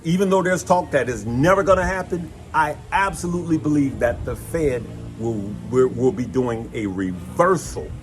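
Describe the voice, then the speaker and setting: Animated man telling stories. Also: mid-range voice, moderate pace, hardly any pauses, music in the background. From West Side of Chicago. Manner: animated, folksy, addresses viewers as "good people" and "y'all". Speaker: host. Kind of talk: casual chat and storytelling.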